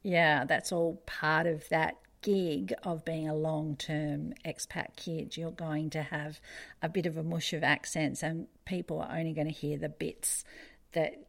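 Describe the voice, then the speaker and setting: A woman's voice: sits low, little pitch movement, measured pace, gravelly. A middle-aged woman hosting a casual conversation, chatty and digressive with frequent fillers.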